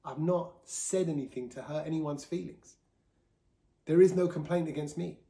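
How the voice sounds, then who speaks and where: A man's voice: on the high side, moderate pace, gravelly, dark tone, reverberant. A man hosting a podcast, talking openly and casually about himself, slipping into quoted voices. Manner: chatty, open, with quoted voices and laughs. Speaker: podcast host. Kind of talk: candid solo talk.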